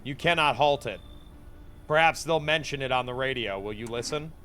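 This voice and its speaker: A man voicing a cryptic, foreboding male seer who speaks in slow, archaic, portentous phrases. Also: mid-range voice, bright, forceful tone, soft background music, natural voice. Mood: ominous.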